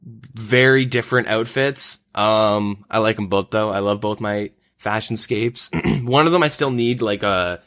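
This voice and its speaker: A man's voice: on the low side, measured pace, dry recording. A young man from Canada hosting a gaming podcast, chatting loosely with lots of "like" and "um". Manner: relaxed, many fillers like "like" and "um". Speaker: podcast host. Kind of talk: casual gaming chat.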